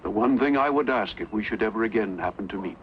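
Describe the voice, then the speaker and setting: An actor playing a guarded, quiet-spoken rescuer. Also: male voice, lowish voice, fast, dull audio, a little hiss or hum, natural voice. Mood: secretive. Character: discreet male rescuer, secretive and courteous. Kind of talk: 1960s film dub.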